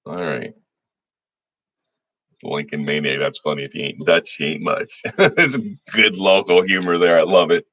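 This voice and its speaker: Speaking with a deep, fairly bright voice, this middle-aged man takes a measured pace and pauses often. He's a state senator running a livestream, reading out viewers' names in a folksy way and frequently starting sentences over.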